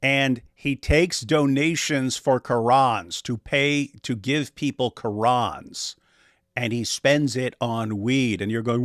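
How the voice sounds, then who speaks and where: A man's voice: medium pitch, measured pace, vocal fry, fairly bright tone, dry recording, studio quality. A man co-hosting a livestream, sarcastic and mocking in his commentary. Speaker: co-host.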